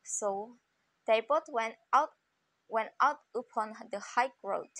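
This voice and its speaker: A woman's voice: on the high side, slow, a bit bright, poor audio. A woman reading a fairy tale aloud carefully, often restarting phrases. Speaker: reader.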